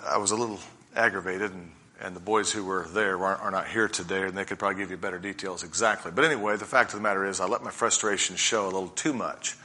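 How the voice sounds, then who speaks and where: A middle-aged man preaching a sermon with personal stories, earnest and slowing down to stress key points. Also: low-pitched, pushed and bright.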